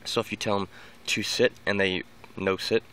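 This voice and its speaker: A man's voice: fairly low pitch, level tone, normal speed, sharp tone, clean tone. A man talking casually in a vlog about training his dog, rambling with many restarts and repeated words. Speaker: dog owner giving training tips. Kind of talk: casual unscripted vlog monologue.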